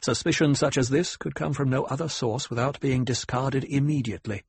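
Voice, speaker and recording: A man narrating an audiobook in a steady, even storytelling manner. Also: medium pitch, brisk, husky, dry recording. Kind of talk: scripted narration.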